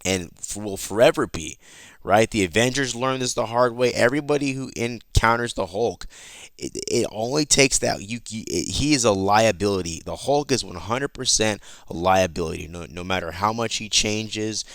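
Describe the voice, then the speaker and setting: Low-voiced man recapping comics casually. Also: normal speed, fairly bright tone, dry recording. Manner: loose and chatty, swears, restarts sentences. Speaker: comic book YouTuber.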